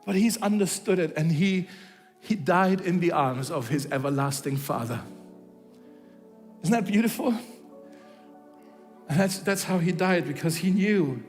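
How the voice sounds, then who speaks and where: A man's voice: sits high, expressive, measured pace, pauses often, big-room sound, soft background music. A man preaching a sermon, telling a story and acting out its dialogue, with frequent restarts. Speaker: pastor. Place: church hall.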